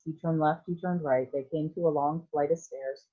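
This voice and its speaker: A woman teacher reading a novel aloud to her students in a clear, steady storytelling manner. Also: low voice, normal speed, lo-fi sound.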